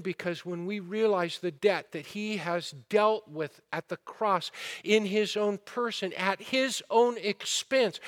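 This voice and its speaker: A man's voice: high-pitched, fairly bright tone. A man preaching a sermon, asking the listeners rhetorical questions and retelling a parable with rising fervor. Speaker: pastor.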